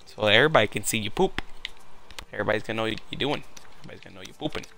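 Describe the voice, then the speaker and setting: A man's voice: on the low side, racing, gravelly, bright, forceful tone, slight background noise. A man giving casual gameplay commentary with joking, profane asides.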